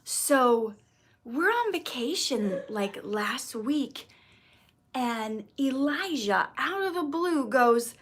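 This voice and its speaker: A woman in her thirties talks to her viewers in a relaxed, unhurried way, with a voice pitched a little high. She reads out comments one by one and answers with easy, reassuring chat. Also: slightly rough. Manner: chatty and encouraging, reads chat comments aloud. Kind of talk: casual livestream chat.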